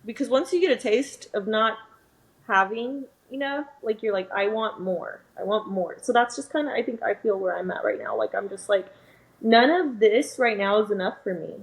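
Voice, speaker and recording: A woman's voice: fairly high pitch, moderate pace, poor audio. Chatty young woman podcast host. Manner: chatty, says "like" and "you know" often. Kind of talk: casual chat.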